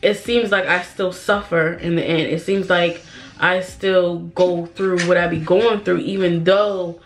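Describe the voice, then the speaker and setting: A young woman vlogging while doing her makeup, holding back tears and talking in a halting, repetitive way. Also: fairly low pitch, steady tone. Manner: halting, emotional, repeats herself, sighs. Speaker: beauty vlogger. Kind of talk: get-ready-with-me chat.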